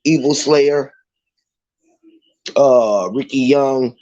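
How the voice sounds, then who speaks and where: A man hosting a casual livestream, rambling loudly and mockingly mimicking greetings. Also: medium pitch, very slow. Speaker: livestream host. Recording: muffled lo-fi audio with faint hiss.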